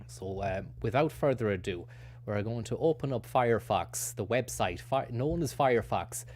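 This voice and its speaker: A man hosts a game stream, chatting loosely with frequent restarts and self-mocking, sweary asides. His pitch sits mid-range, an ordinary speaking voice. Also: lively intonation, normal speed, a little mellow. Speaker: streamer host. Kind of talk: casual rambling commentary.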